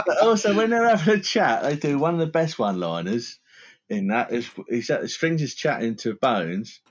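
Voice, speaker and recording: Chatty man, lively pitch. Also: moderate pace, muffled recording. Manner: retelling scenes with laughter. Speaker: podcast co-host. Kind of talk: casual chat.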